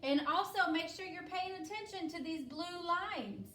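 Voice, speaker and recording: A woman's voice: very high voice, lively intonation, moderate pace, fairly bright tone, slight background noise. A woman teacher leading a spelling lesson, patient and instructive, checking in with "okay?" after each step. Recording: echoey room, voice from a distance.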